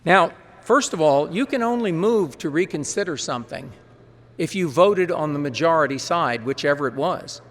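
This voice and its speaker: A man who serves as parliamentarian, briefing a large assembly on procedure in a folksy, quick way with chatty asides. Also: on the high side, lively intonation. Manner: folksy, quick-talking, explains rules with asides. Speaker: parliamentarian advising delegates. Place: large conference hall.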